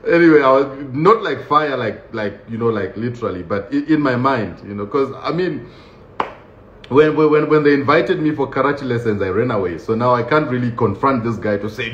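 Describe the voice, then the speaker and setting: A man telling a story from his own life in a casual, conversational way, often breaking into laughter and acting out other people's lines. His voice sits at a middle pitch. The recording sounds roomy and a little dull, with faint ambience behind him. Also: moderate pace, a little hiss or hum.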